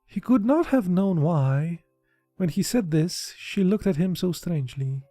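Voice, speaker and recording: A man's voice: fairly high pitch, lively intonation, unhurried, dark tone, dry recording, soft background music. A man reading a classic novel aloud in a casual way, putting feeling into the dialogue and sometimes breaking off to joke. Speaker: audiobook reader.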